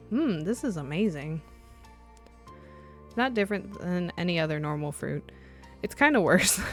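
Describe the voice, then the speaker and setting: A woman with a fairly low voice reads a visual novel aloud, mixing narration with lively, sarcastic side comments. Faint game music plays quietly underneath her. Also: vocal fry. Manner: animated, sarcastic asides between narration. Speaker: let's play streamer.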